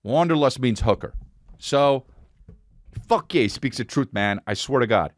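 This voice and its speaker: Profane, animated man telling a comic story. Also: mid-range voice, moderate pace, no echo. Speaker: podcast host.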